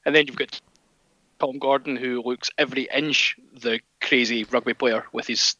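Man, co-host, bright jokey chat, dry, dull lo-fi recording. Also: mid-range voice, fairly even intonation, normal speed, no room sound. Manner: jokey, laughs easily. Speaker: podcast co-host. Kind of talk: casual chat. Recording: dull lo-fi sound.

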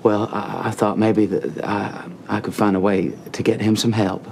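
A timid, trusting prisoner with a Texan drawl who stumbles over his words. He is soft-spoken and hesitant, and he restarts his sentences as he works up his nerve. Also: lowish voice, level tone, normal speed, creaky, slight background noise. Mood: shy. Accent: Texan Southern. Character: naive, shy, love-struck male prisoner. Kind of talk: film dialogue.

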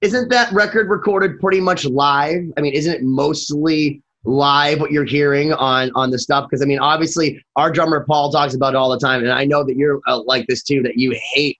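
A man hosting a casual interview, asking animated, joking, profane questions. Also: a little high, moderate pace, hardly any pauses. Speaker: podcast host. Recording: slightly dull sound.

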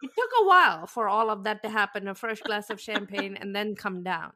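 A woman's voice: medium pitch, lively intonation, fairly quick, pushed and bright. A woman co-hosting a podcast, chatting casually about reality TV, with frequent exclamations and laughter. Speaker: podcast co-host. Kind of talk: casual chat recapping reality TV.

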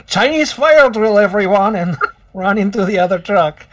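A man voicing a gruff soldier in a tabletop game, speaking in clipped broken English and dropping his articles. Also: high voice, expressive, moderate pace, no echo, recorded from a distance. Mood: deadpan. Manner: drops articles, blunt literal phrasing. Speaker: player. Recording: dry and somewhat off-mic.

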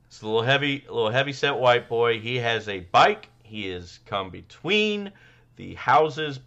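A man co-hosting a casual comedy podcast tells stories as an animated storyteller, acting out the quotes. His mid-range voice moves at normal speed through a muffled recording.

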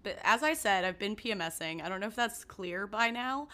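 A woman co-hosting a casual chat podcast, telling stories as animated, swearing rants. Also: mid-range voice, a little fast. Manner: animated ranting storyteller, swears freely. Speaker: podcast co-host.

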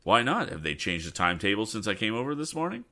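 A man voicing a cheerful young male bank cashier in a storybook reading, with a raised, lively voice. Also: lowish voice, quick pace, pitched above the performer's own voice, full character voice.

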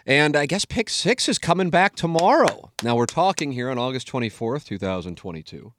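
A man's voice: medium pitch, sing-song, brisk, a bit bright, a little hiss or hum. A man hosting a podcast in a studio, chatting casually, joking and swearing freely. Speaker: podcast host.

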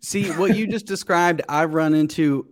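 A man chatting casually on a podcast, an animated storyteller who swears freely. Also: a little high, normal speed. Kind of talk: casual chat.

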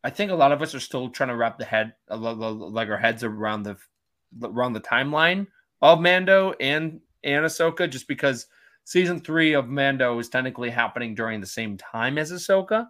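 A man's voice: mid-range voice, a little fast. A man co-hosting a casual fan podcast, talking animatedly and stammering over his words. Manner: animated, stammers, acts out lines loudly. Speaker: podcast co-host.

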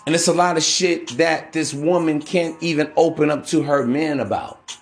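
A man's voice: fairly high pitch, steady tone, normal speed, creaky, soft background music. A man hosting a podcast, giving relationship advice in a casual, profane, preachy monologue that keeps calling his listeners bro. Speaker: podcast host.

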